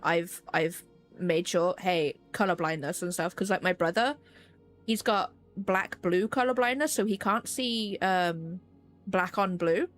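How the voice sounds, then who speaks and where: A woman streaming a puzzle game, chatting casually and poking fun at herself as she plays. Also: medium pitch. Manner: chatty, self-deprecating, rambling with fillers. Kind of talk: casual gameplay commentary.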